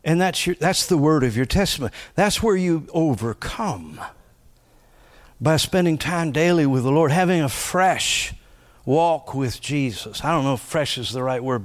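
Folksy and full of jokes, a medium-pitched man delivers a conversational sermon. He laughs frequently and shifts from hushed asides to booming punchlines.

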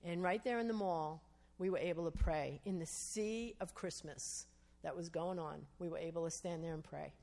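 A woman's voice: fairly low pitch, moderate pace, dark tone. A woman preaching, telling a story and acting out the dialogue in it, asking her listeners to agree. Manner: storytelling, acts out quoted dialogue, asks the audience "Amen?". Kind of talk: sermon testimony.

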